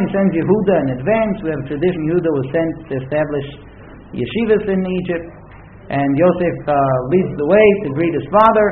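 A man teaching a weekly Bible portion, retelling the story and speaking its characters' lines in casual paraphrase. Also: fairly high pitch. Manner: frequent "uh" fillers and restarts. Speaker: Torah teacher. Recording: echoey, phone-like, faint background noise.

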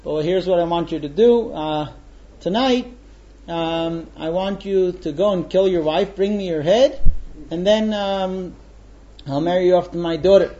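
Man voicing a commanding king, insistent, mellow tone. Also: high voice, measured pace, lo-fi sound. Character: commanding king making a cruel demand.

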